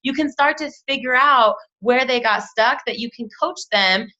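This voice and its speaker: Young woman, team coaching talk, chatty, acts out quotes, bright tone, dull lo-fi audio. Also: fairly high pitch, moderate pace. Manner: chatty, lots of "like", acts out quotes in lively voices. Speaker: team leader training a sales team. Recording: dull lo-fi sound.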